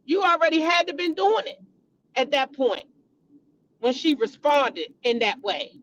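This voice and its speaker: High-voiced female commentary host, blunt, profane, heated; AAVE speech. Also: expressive, a little slow, highs cut off, a little hiss or hum. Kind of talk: casual commentary vlog.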